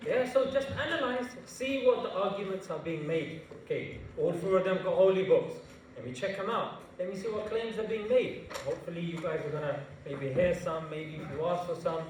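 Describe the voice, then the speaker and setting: Man, animated jokey talk, high voice, very echoey hall, mic far off. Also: a little hiss or hum. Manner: animated, jokey, slangy storytelling. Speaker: invited speaker. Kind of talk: public talk to students. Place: large university hall.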